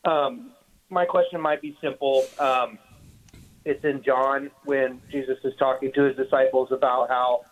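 A man's voice: medium pitch, fairly even intonation, measured pace. A male caller on a thin, narrow telephone line. He asks his question hesitantly and searches for words as he goes. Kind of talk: phoned-in question on a radio show.

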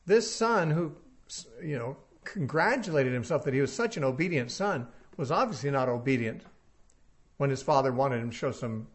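A man's voice: medium pitch, lively intonation, normal speed. A man giving a verse-by-verse Bible teaching, reasoning aloud and putting rhetorical questions to his listeners.

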